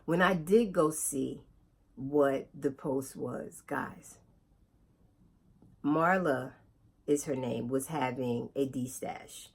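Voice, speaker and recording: A woman chatting casually to her viewers in a knitting vlog, animated and talking straight to her audience. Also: rumbling low, slow, gravelly, long pauses, breathy edge. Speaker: knitting vlogger.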